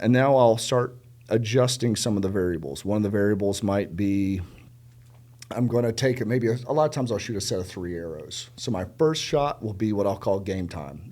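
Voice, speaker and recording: A middle-aged man from South Carolina, a podcast guest telling stories in casual conversation, animated and emphatic, acting out the people he quotes. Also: on the low side, normal speed. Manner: animated, acts out quoted dialogue; emphatic, repeats words for stress.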